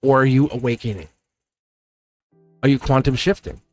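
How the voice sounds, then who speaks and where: A man hosting a members-only tarot livestream in casual chat, animated and laughing often as he talks to his viewers. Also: medium pitch, normal speed, no echo. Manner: chatty and animated, laughs often, acts out quoted exchanges. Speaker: tarot reader and channel host.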